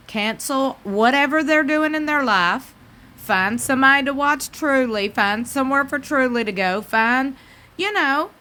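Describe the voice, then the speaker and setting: Bright gushing woman vlogger. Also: sits high, rough recording. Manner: gushing, repetitive, folksy asides. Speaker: celebrity gossip vlogger. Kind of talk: chatty commentary to camera.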